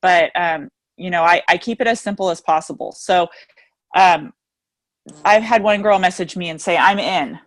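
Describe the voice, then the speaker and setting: A woman's voice: fairly low pitch, normal speed, no echo. A woman sharing her experience on a casual team training call, earnest and conversational, leaning on "you know" often, speaking over a video call. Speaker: guest team leader sharing sales experience.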